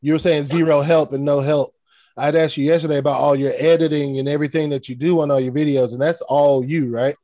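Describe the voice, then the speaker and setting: A man co-hosting a podcast, eager and quick with reactions. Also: on the high side, steady tone, warm tone, dry recording. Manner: eager, chimes in with short reactions. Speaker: podcast co-host. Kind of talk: casual podcast interview.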